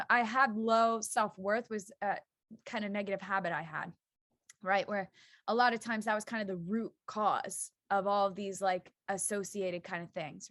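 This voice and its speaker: A woman's voice: mid-range voice, fairly bright tone, no room sound, clean studio sound. A woman who teaches yoga, a guest on a podcast, explaining earnestly and acting out the thoughts that run through her head. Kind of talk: casual chat.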